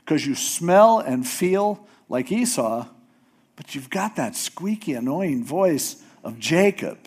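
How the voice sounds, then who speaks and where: A suspicious old blind father, as a preacher puts him on, speaking with a slow, doubtful drawl. The voice sits slightly raised, and he hesitates and probes. It sounds like casual storytelling. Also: a little high, sing-song, a little mellow, breathy edge, full character voice.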